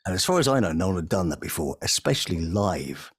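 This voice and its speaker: Husky-voiced man telling lively anecdotes. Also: deep voice, fast, no room sound, studio quality. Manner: animated, breaks into impressions mid-story. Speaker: voice actor guest. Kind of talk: anecdotal storytelling.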